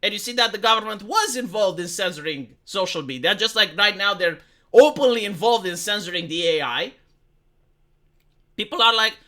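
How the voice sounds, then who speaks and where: A man's voice: high voice, expressive, moderate pace, sharp tone. A man from Romania giving an opinionated political monologue to his viewers, ranting with frequent restarts. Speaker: political commentator streamer.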